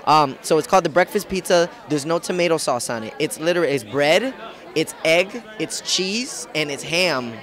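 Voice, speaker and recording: Man, singing contestant, casual slangy chat, fairly high voice, outdoor interview. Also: lively intonation, normal speed, a bit bright, a faint crowd. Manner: laid-back slangy talk, says "dude" and "like" a lot. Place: outdoors at a studio lot.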